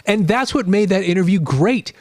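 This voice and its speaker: A man in his late fifties runs a live stream, chatting casually and animatedly, wandering from topic to topic as he reads viewer comments. His voice sits high and moves at a moderate pace, with clean studio sound and no room echo.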